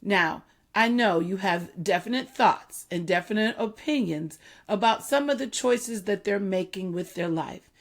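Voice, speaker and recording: A middle-aged woman talks through her thoughts in an earnest, reflective monologue. She keeps a very slow, deliberate pace at an ordinary middle pitch. She often repeats a line more slowly so it sinks in. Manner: earnest, measured, repeats key points slowly. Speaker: podcast host. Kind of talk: reflective solo talk.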